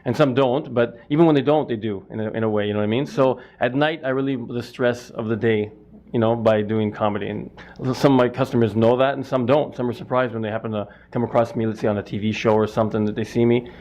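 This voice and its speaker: A man's voice: medium pitch, steady tone, fast, darkish tone, muffled recording. A middle-aged man from Canada, a stand-up comic and butcher, answering interview questions in a rambling, self-interrupting way.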